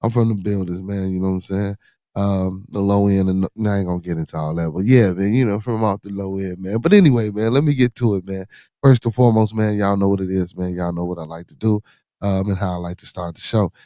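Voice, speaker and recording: Laid-back Chicago man, deep mellow voice. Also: steady tone, fairly quick, dry recording, studio quality. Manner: laid-back street slang, repeats phrases, constant "you know what I'm saying"; greets live chat viewers by name. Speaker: podcast host. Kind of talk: solo live-stream chat.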